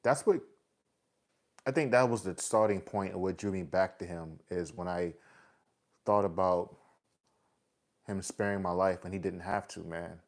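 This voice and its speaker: Man, very low voice, earnest, sighing, casual slang. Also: measured pace, long pauses. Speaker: vlogger sharing faith testimony. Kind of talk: heartfelt personal talk to followers.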